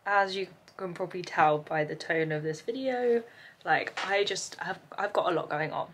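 A woman's voice: on the low side, moderate pace, fairly bright tone. A young woman, vlogging at home in a casual, rambling way, tired and overwhelmed. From England. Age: young adult. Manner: rambling, talks in run-on lists with many "like" fillers. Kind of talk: casual chatty vlog. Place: home, indoors.

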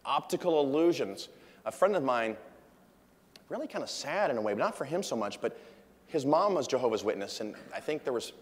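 A man's voice: medium pitch, very animated, a little fast. Chatty man speaking in a reverberant hall. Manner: chatty, jokey, acts out quotes. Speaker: conference speaker. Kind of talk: casual conference talk. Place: large conference hall.

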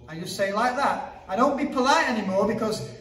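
A man's voice: high-pitched, lively intonation, fast, a bit bright. A man, a martial arts instructor, teaching a children's class to camera in an upbeat, playful way, counting drills and joking. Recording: echoey hall, far from the mic.

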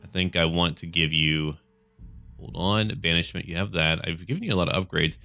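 An American man giving relaxed, jokey commentary over a strategy game as he plays, chatty and swearing casually. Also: deep voice, a little fast, creaky. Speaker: gaming let's-play host.

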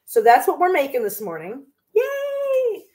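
A woman's voice: fairly high pitch, expressive, moderate pace, roomy sound. A middle-aged woman hosting a casual cooking livestream from her home kitchen, chatty and rambling, often laughing and cooing at her cats. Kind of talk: casual chat while cooking live.

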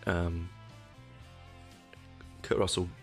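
A man's voice: low voice, little pitch movement, drawn-out words, soft background music. A man hosting a casual solo podcast, rambling along with frequent restarts and the odd swear word. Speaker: podcast host.

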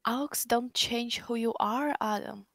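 A woman reading lines for a young woman scientist pleading with her cyborg ex, in a flat, halting delivery. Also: on the high side, creaky, no echo, studio quality, heavily acted. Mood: subdued.

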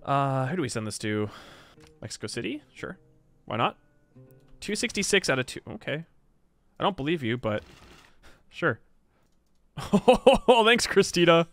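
A man streams a strategy game and comments as he plays, wry and talkative, chatting to himself and to the game's leaders. His pitch swings a lot from line to line. Soft music plays quietly behind him. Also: big pitch swings, moderate pace, pauses often, no room sound. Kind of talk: live gameplay commentary.

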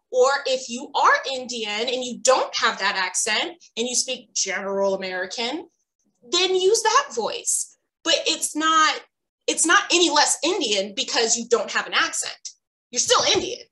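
A woman's voice: high-pitched, sing-song, moderate pace, pushed and bright, rough recording. A woman co-hosting a panel on a video call, talking earnestly and animatedly, often restarting her sentences. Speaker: co-host of a panel discussion.

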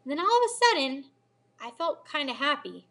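A teacher reading a children's novel aloud with expressive storybook delivery. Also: female voice, sits high, moderate pace. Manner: expressive storybook reading, lively character voices.

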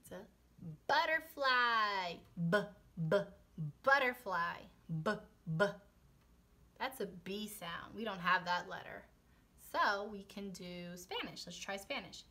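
A young woman with a bright, clear tone leads a phonics lesson for small children. She speaks slowly and patiently, drawing out each letter sound in a sing-song way and mixing in Spanish words. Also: medium pitch. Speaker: teacher.

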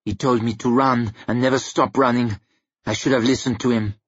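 A man's voice: medium pitch, steady tone, moderate pace, slightly rough, no room sound, natural voice. A man voicing a fierce, bitter woman warrior who speaks in a harsh, accusing way. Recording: dry muffled recording.

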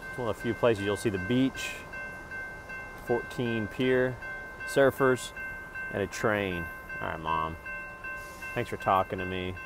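A man rambling in a casual vlog, swearing often and swinging between loud outbursts and low mumbles. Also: a little slow, pauses often. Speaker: vlogger. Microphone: phone camera. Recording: music playing in the background.

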